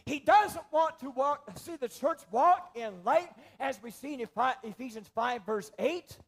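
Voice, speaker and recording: Guy preaching in church, really high voice, goes from loud punchy bits down to almost whispering. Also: lively intonation, unhurried, husky. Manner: swings between loud emphasis and near-whispers; repeats phrases for emphasis. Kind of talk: sermon.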